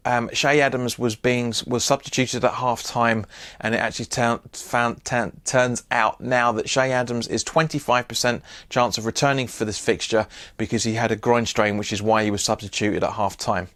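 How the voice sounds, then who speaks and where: A man's voice: medium pitch, a bit bright. A man hosting his own football preview vlog, chatting casually with frequent restarts and asides. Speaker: football channel host.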